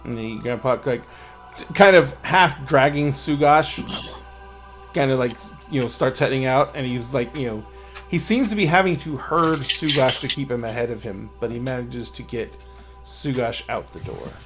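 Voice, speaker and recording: A game master narrating a tabletop scene in a loose, conversational way, full of small fillers. His voice sits at a middle pitch. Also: normal speed, a bit bright, soft background music. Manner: casual, filler-heavy storytelling.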